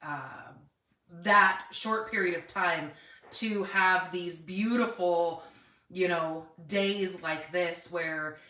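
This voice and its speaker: A woman's voice: on the low side, slow pace, bright, forceful tone, reverberant, far from the mic, low-quality recording. A middle-aged woman chatting casually on a live stream, greeting viewers by name, with a dry cough and a cough drop in her mouth. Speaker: paper crafting host.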